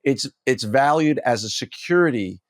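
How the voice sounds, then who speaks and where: A man's voice: medium pitch, lively intonation, moderate pace, no room sound, studio quality. A man hosting a podcast interview, explaining at length and posing skeptical questions in a playful way. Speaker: podcast host.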